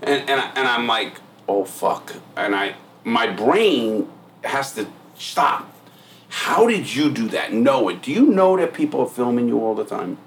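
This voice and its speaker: A man's voice: medium pitch, sing-song, measured pace, slight background noise. A man hosting a podcast, speaking bluntly and profanely in a rambling, casual interview style. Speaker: podcast host.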